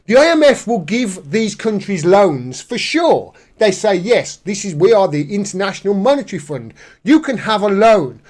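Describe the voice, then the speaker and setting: A man talks through news stories in a casual, sarcastic way. His voice sits fairly high, and he pokes fun at what he reads with plenty of scorn. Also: big pitch swings, normal speed, darkish tone. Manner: sarcastic, mocking, laughs at the news. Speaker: political commentator. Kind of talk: casual commentary reading news articles.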